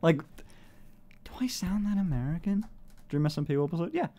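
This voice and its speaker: A British man in a casual live-stream chat, talking in an animated way, swearing a lot and laughing often. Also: fairly high pitch, a little fast.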